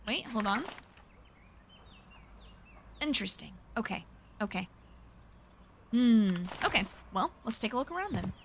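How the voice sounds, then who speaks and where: A woman's voice: on the high side, big pitch swings, unhurried, long pauses, slight background noise. A woman streaming a video game who chats and thinks aloud, with frequent giggles and playful asides. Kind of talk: casual live-stream commentary.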